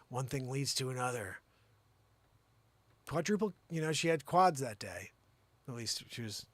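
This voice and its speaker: A man's voice: mid-range voice, dry recording. A man hosting a comedic monologue, rambling and teasing as he jokes. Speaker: host.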